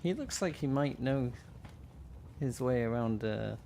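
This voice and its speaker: Slow, wry male player at the table. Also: mid-range voice, animated, gravelly, mellow, a little hiss or hum. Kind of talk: in-character table talk. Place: home setup, live stream.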